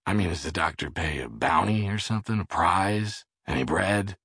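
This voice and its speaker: A man's voice: low-pitched, expressive, moderate pace, fairly bright tone, husky, dry recording, clean studio sound, full character voice. A man voicing a nervous, frightened young drug user with a pleading, whiny manner. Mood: questioning.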